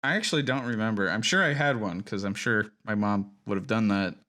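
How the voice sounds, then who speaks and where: A man with a lowish voice hosts a casual podcast. His tone is bright and forceful. He keeps the discussion moving in an earnest way. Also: brisk. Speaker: podcast host. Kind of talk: casual chat.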